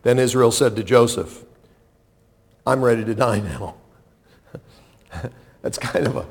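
A man delivering a sermon at an unhurried pace. He talks to the congregation conversationally, asking them questions. His delivery swings between soft, low passages and loud, emphatic peaks. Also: animated, vocal fry. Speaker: pastor.

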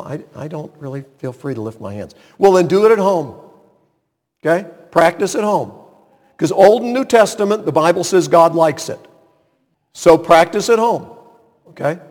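A man's voice: high-pitched, big-room sound. An older man preaching a conversational sermon as pastor, dropping into muttered asides when he mimics doubters.

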